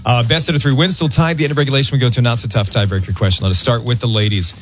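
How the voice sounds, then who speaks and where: A man's voice: mid-range voice, steady tone, faint music behind. A man hosting a morning radio show, joking and laughing through casual banter. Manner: jokey, quick, laughs often.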